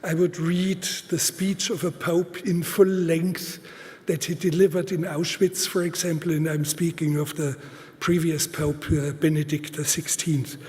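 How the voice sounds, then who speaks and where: A man giving a public lecture at a conference, speaking deliberately and emphatically with many halting pauses. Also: on the high side, flat delivery, darkish tone. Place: large conference hall. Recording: reverberant hall.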